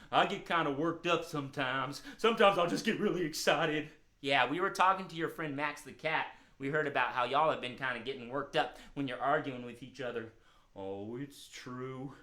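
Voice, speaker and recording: A man doing a stammering, excitable hound dog puppet. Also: on the high side, echoey room, voice pushed down, natural voice. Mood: mellow. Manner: halting, stammering, eager. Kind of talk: children's puppet show.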